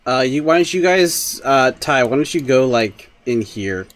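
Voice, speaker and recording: A man's voice: mid-range voice, expressive, a little slow. A man chatting casually as a player in a tabletop game, arguing his point insistently. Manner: argumentative, insistent.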